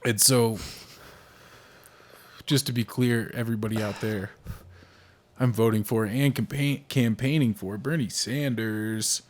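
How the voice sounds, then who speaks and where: A man's voice: on the low side, steady tone, unhurried, pauses often. A young man from the United States co-hosts a casual podcast. He rambles through politics and movies, with plenty of "like" and "uh" and thoughts that start over partway through. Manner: rambling, frequent fillers and restarts. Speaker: podcast co-host.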